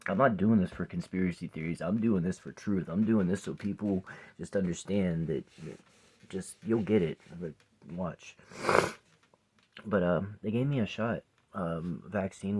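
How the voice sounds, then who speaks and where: A man's voice: deep voice, moderate pace, warm tone, husky. A man in his forties telling a rambling personal story to camera, swearing often and sometimes dropping to a near whisper. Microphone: phone or camera close by.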